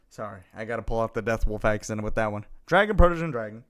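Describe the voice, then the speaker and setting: Playful male streamer with a lively voice. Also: medium pitch, fairly quick, smooth. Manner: playful, reading chat aloud and greeting viewers; lots of giggling and sudden bursts of excitement. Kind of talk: casual live-stream chat.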